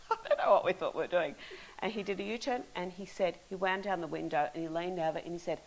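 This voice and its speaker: Lively Australian woman telling a story. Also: on the low side, fast, low-quality recording. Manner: lively, laughs often. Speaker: author. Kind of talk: animated storytelling.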